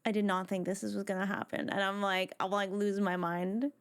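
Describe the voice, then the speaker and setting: A woman chatting on a casual live stream, excitable and rambling, with lots of "like" fillers. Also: mid-range voice, a little fast, clean tone.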